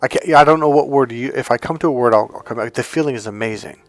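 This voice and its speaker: A man's voice: medium pitch, fast, no room sound. A man talking off the cuff as a life coach, often restarting and searching for words. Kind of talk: unscripted motivational talk to camera.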